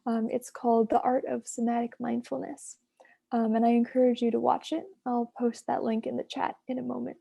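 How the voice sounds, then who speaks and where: A woman hosting an online session, introducing the guest teacher in an even, read-from-notes way. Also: fairly high pitch, fairly quick, creaky. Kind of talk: scripted introduction. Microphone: online video call.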